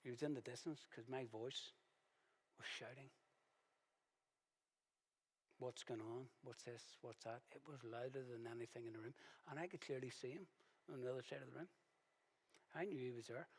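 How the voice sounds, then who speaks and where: Male preacher in a reverberant hall. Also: mid-range voice. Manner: conversational preaching with sudden loud emphatic bursts. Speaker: pastor. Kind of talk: sermon. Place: church hall.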